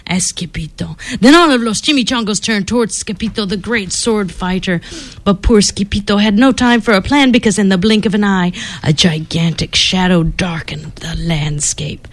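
A woman reading a children's storybook aloud, expressive and dropping to whispers for suspense. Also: medium pitch, normal speed, dry recording.

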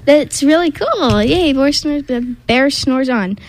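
A woman hosting a community radio show, reading announcements in a measured, deliberate and upbeat way from a studio microphone. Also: high-pitched, expressive, poor audio.

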